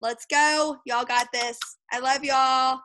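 A woman's voice: high-pitched, steady tone, slow, pushed and bright, dry recording, poor audio. A woman giving a blunt, fired-up motivational pep talk on a video call, swearing freely. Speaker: guest speaker.

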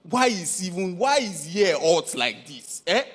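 A dumped young man, loud and full of complaints, his husky voice jumping high and low, as a man acts him out. He blusters, repeats himself and throws in sharp exclamations. The sound carries a long hall reverb. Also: big pitch swings, unhurried, full character voice. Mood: indignant.

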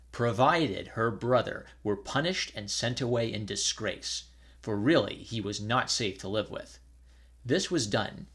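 A man reading an old fairy tale aloud in a measured storytelling manner. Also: medium pitch, fairly bright tone.

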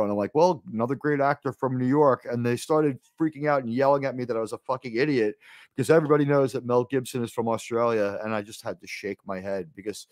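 A man hosting a casual live podcast, talking in an animated, exasperated way with frequent swearing. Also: dry recording. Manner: animated, swears often, jumps to high exasperated pitch. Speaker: host.

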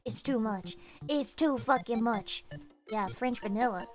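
A young woman streaming, chatting casually with her viewers and swearing with loud outbursts. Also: a little high, measured pace, soft background music. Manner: profane, loud outbursts, rowdy. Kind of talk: casual chat reading chat messages.

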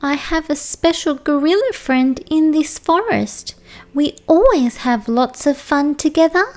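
A gentle young okapi girl, soft and tearful, with a lifted, higher voice, as a woman reading a children's storybook puts her on. She speaks slowly, like a small hurt animal asking for comfort. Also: expressive. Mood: upset.

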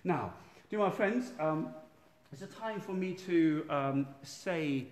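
A man, a priest, giving an informal night prayer talk in a gentle, halting way, with many pauses and restarts, recorded without a proper microphone. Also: fairly high pitch. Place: dark church room by candlelight. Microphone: no external microphone, built-in device mic. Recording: poor sound quality without microphone.

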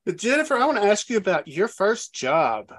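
A man's voice: high-pitched, big pitch swings, fairly quick, a bit bright. A man hosting an interview, asking questions in an easygoing conversational way. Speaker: interview host. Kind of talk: casual interview chat.

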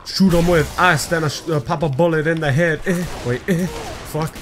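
Brief: young male let's-player, rude and rambling banter, a bit higher voice, faint background hum. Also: fairly even intonation, normal speed. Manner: crude, joking, rambling, swears a lot. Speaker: gameplay YouTuber. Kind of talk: casual gameplay commentary.

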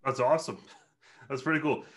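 A man hosting a casual podcast interview, keeping his remarks short and friendly as he thanks the guest. His voice sits at a middle pitch. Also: brisk, fairly bright tone. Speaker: podcast host.

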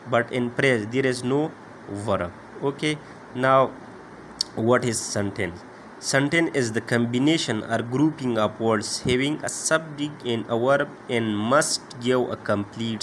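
A man teaching a grammar lesson, halting often with "uh" and "okay" as he explains. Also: mid-range voice, a bit bright, slight background noise. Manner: slow, halting, many "uh" and "okay" fillers. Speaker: English teacher.

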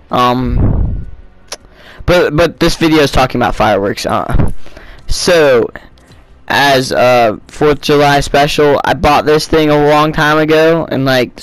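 A young man giving casual, jokey commentary while playing a video game, breaking into excited yelps. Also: on the high side, clear, resonant tone, dry recording, poor audio. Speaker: gaming video creator.

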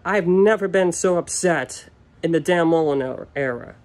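Furious young man ranting, a bit high. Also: normal speed. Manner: frustrated, repetitive, swearing. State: upset and furious. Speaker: sports fan ranting on video. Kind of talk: angry solo rant.

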